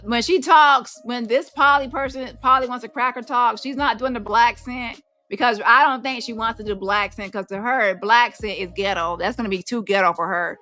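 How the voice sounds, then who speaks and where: A woman hosting a casual online commentary show, brash and animated, swearing and mocking the people she talks about. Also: on the high side, moderate pace, hardly any pauses, faint music behind. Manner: animated and brash, swears freely, mocks voices.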